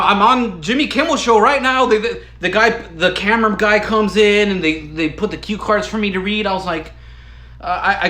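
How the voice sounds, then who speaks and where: A man with a high, bright voice tells a story in a loose, rambling monologue. He gets excitable, tripping over his words and coughing now and then. The sound rings around an echoey room. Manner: rambling, excitable, stumbles and restarts.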